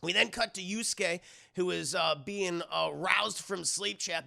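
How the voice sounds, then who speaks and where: A man talks a live chat through an anime episode in a loose, rambling recap. His voice sits high for a man, with a strong gravelly fry and a bright edge. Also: normal speed. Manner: rambling, fillers, addresses chat. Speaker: anime reviewer streaming live.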